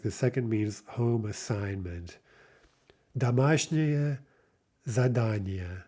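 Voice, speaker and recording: Slow-paced, mellow-voiced male language teacher. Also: medium pitch. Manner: says each word slowly then repeats it; patient, explanatory asides. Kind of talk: slow vocabulary lesson.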